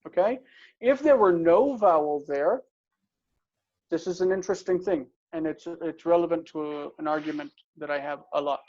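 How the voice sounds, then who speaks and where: A man teaching a casual Hebrew grammar lesson, explaining step by step and repeating words slowly. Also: fairly high pitch, warm tone. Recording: dull lo-fi recording.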